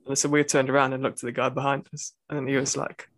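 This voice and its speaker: A man's voice: mid-range voice, flat delivery, brisk, fairly bright tone, dry recording. Young man rambling through a story. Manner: rambling storytelling with many fillers. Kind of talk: casual chat.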